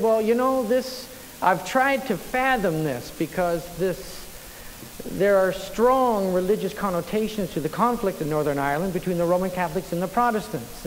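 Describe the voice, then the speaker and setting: Animated preacher, man. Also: high-pitched. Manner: animated storyteller, frequent restarts. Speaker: pastor. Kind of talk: sermon with personal anecdote. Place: church sanctuary. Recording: long church reverb, faint hiss.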